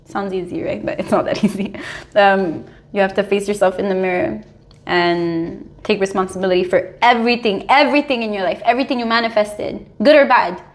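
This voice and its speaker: A young adult woman talking casually as a tarot reader, animated and full of "like"s, often breaking into laughter. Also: medium pitch, fairly quick. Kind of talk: casual spiritual advice monologue.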